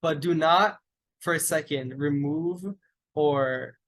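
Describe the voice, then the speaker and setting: A man teaching Buddhist meditation, giving slow, deliberate guided instructions. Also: a little high, a bit bright. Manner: slow, deliberate, with long pauses.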